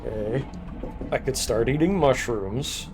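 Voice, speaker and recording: A man's voice: medium pitch, unhurried. A man streaming a horror game, joking casually and reading in-game text aloud as he plays. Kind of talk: casual let's-play commentary. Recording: game music behind voice.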